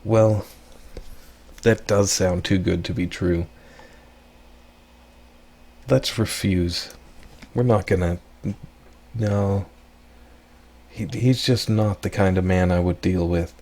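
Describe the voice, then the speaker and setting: Low gravelly-voiced man playing a game. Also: measured pace, long pauses. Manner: relaxed, thinks aloud with ums and asides. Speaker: let's play host. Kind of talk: casual game commentary and reading aloud.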